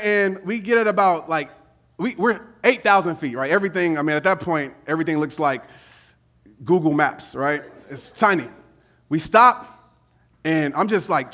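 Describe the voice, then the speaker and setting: High-voiced guy on stage, chatty motivational keynote, laughs a lot, acts out every quote. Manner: animated, conversational, acts out quotes, laughs often. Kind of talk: storytelling keynote speech. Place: conference stage before a live audience.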